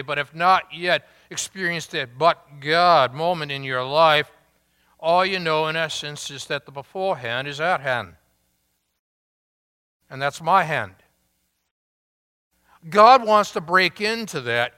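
A man preaching a sermon as pastor, emphatic and deliberate, asking the congregation rhetorical questions. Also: on the high side, sharp tone, clear, resonant tone, big-room sound.

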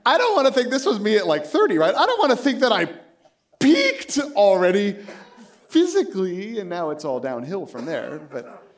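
Animated preacher man with a lively high voice. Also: normal speed. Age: late 30s. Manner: animated storytelling, acts out both sides of the dialogue; laughs often while speaking. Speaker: pastor. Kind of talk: sermon.

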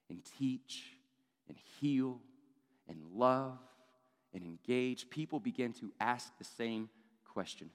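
A male pastor preaching a sermon, moving from casual asides to loud, emphatic peaks. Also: mid-range voice, expressive, slow pace. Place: large church hall. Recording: long hall reverb.

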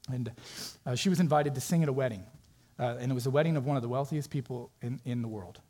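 Male preacher, husky and warm-toned, conversational storyteller who acts out dialogue. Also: medium pitch, fast. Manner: storytelling with acted-out voices, conversational with fillers. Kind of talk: sermon.

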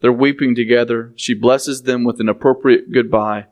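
A man's voice: mid-range voice, fairly even intonation, moderate pace. A man, preaching a sermon as he reads scripture aloud and explains it, with conversational asides to the congregation.

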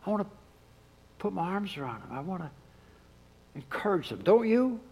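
A man preaching a sermon, who drops to a soft hush when he quotes. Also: high voice, sing-song, normal speed, vocal fry, slight background noise, low-quality recording. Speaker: pastor.

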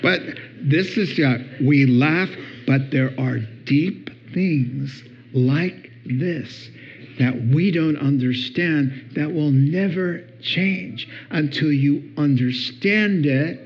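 Slow-talking pastor man, dull recording. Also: on the high side. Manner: playful, acts out spouses' words with laughter. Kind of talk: sermon. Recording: dull lo-fi sound.

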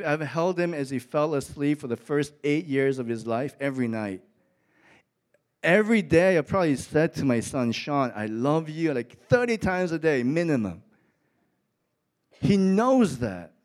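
A middle-aged man preaching a sermon in church, telling a story that rises to emphatic peaks. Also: fairly high pitch. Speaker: pastor. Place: church with an audience.

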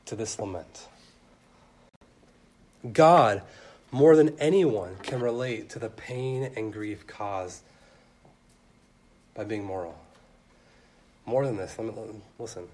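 A man's voice: mid-range voice, slight background noise. Earnest young man preaching a sermon. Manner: earnest, swells loud then drops soft.

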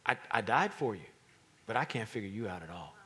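Middle-aged male preacher, slightly husky, animated sermon delivery with emphatic climbs. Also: fairly low pitch, a little fast.

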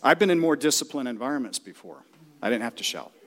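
A middle-aged man preaching a sermon, shouting and emphatic, acting out the people in the story. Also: mid-range voice, expressive, quick pace, crowd noise. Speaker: pastor.

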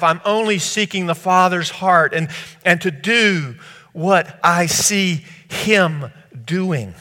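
A man delivers a sermon in a high, bright voice. He reads scripture softly, then bursts into loud, excited storytelling. A long reverb trails his words. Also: measured pace. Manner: animated, swings from hushed scripture reading to loud excited storytelling. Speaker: preacher.

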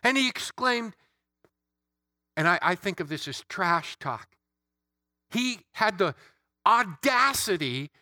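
A man's voice: high-pitched, big pitch swings, slow, pauses often, pushed and bright, no echo, studio quality. A man preaching an Easter sermon, emphatic, building through repeated phrases.

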